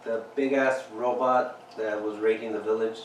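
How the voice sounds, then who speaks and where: A man trading dry wisecracks in casual podcast chat. His voice sits at an ordinary pitch but is heard from well off the mic, bathed in heavy room echo with a faint noise floor. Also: moderate pace. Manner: wisecracking, deadpan jokes. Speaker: podcast co-host. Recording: very echoey room, distant mic.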